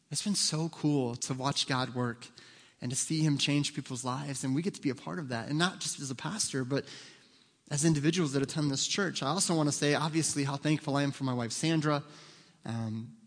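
Pastor in his thirties, casual and joking from the pulpit, mid-pitched voice, long church-hall reverb. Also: a bit bright. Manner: joking, self-deprecating, chatty with fillers. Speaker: senior pastor. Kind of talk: casual sermon talk. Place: church sanctuary.

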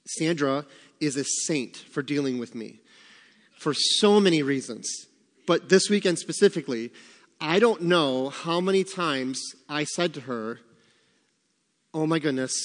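A man's voice: fairly high pitch, in a large hall. A man leading a church group in casual devotional talk, acting out his own worried voice in quotes. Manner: animated, acts out quoted worries.

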